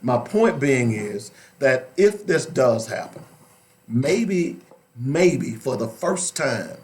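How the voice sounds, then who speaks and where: A man's voice: medium pitch, big pitch swings, takes it slowly. A man hosting a talk radio discussion, blunt and wry, often cutting in on his co-host.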